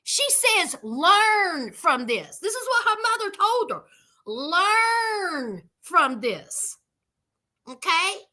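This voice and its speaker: A woman's voice: very high-pitched, bright, forceful tone. A woman hosting a casual reality TV recap, sassy and emphatic, talking straight to her viewers.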